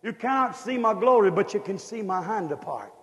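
A preacher voicing God the Father in a softer, lower, sorrowful tone. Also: lively intonation, fairly quick. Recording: long hall reverb.

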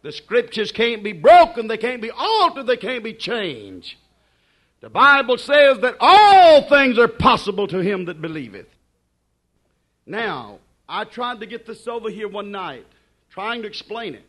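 A man preaching a sermon in an emphatic, repetitive cadence, dropping to hushed asides and rising to shouted declarations. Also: very high voice, very animated, a little slow.

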